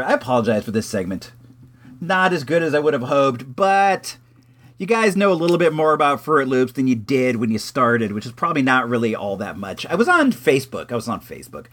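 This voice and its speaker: A man's voice: medium pitch, fairly bright tone. A man hosting an internet radio show, chatting casually in a rambling way with many fillers. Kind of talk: casual radio segment monologue.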